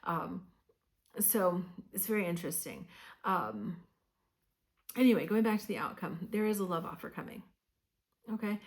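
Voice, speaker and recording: A woman's voice: mid-range voice, animated, moderate pace, a little mellow. A woman giving a casual tarot reading, talking in a loose conversational way with many fillers, encouraging the listener. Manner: encouraging, coaching tone. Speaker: tarot reader.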